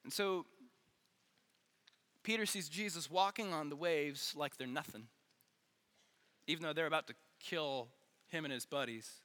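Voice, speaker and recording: A man preaching an earnest, energetic youth sermon, repeating phrases for emphasis, in a large church hall. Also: on the high side, measured pace, long pauses. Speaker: youth pastor. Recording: long hall reverb.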